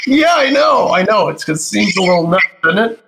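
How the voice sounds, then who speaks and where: A male spiritual teacher, a guest in an interview, explaining slowly and deliberately and speaking straight to the host. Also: high voice, big pitch swings, gravelly, a bit bright.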